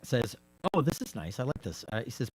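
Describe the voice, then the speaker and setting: A man hosting a community radio music show, reading listener messages in a relaxed, joking manner. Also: medium pitch, fairly quick, slightly rough, no room sound. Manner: easygoing, joking. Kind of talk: casual on-air chat, reading listener messages. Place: radio studio.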